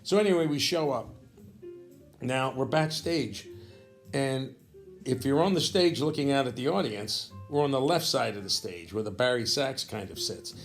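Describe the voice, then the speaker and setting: A man in his fifties, a jazz saxophonist, telling a story in a rambling, animated way, with restarts and frequent throat-clearing. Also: medium pitch, normal speed, faint music behind. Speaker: jazz saxophonist recounting a memory. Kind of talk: casual spoken storytelling.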